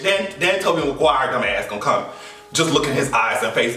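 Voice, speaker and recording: A man recapping a movie in a casual, animated way, swearing, joking and laughing as he goes. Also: on the high side, fairly quick, recorded from a distance. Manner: animated, profane and playful, laughing often. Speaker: movie reaction vlogger. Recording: echoey room, voice a bit off-mic, faint music.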